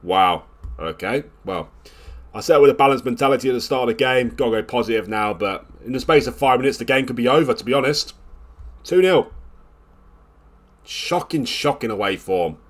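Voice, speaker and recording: A man, commentating his football management game as a video host, groaning at mistakes and getting excited when his team scores. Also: medium pitch, moderate pace. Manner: exasperated groans, then rising excitement during the comeback.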